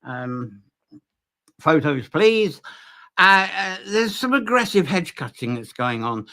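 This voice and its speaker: Bright-voiced man hosting a live show. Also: high-pitched, sing-song, slow. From Ireland. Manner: rambling, many fillers and restarts. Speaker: host of a live nature folklore show. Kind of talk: live-streamed solo talk.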